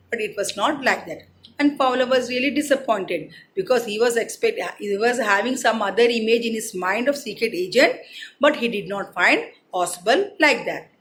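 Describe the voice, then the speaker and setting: A woman's voice: fairly high pitch, a little hiss or hum, poor audio. A young woman teaching a class, reading a story and retelling it in simple words. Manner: explains word meanings, retells each passage in simple words. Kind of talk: reading and explaining a textbook story.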